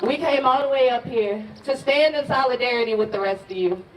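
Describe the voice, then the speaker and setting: A woman from Pensacola, Florida, giving a rousing, folksy rally speech as a regional organizer, her voice hoarse. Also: fairly high pitch, fairly quick. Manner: rousing, folksy, calls out to the crowd. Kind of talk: rally speech with call-and-response chants. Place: outdoor protest rally. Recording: distant outdoor crowd recording.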